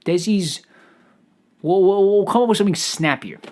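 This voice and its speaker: Guy rambling solo on his podcast, kinda high voice, swears a lot, trips over his words. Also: moderate pace, darkish tone. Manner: profane, stammering, riffing on ideas aloud. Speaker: podcast host.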